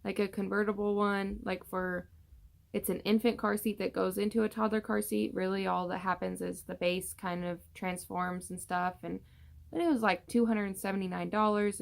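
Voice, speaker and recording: A woman's voice: medium pitch, creaky. A young woman casually chatting through a pregnancy update vlog, rambling with many fillers and tired from yawning. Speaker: vlogger.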